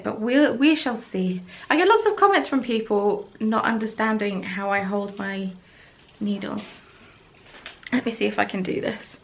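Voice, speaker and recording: A woman's voice: mid-range voice, vocal fry. A young woman in her twenties, rambling chattily to camera in a self-deprecating home craft vlog. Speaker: craft vlogger. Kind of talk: casual chat to camera. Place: at home, indoors.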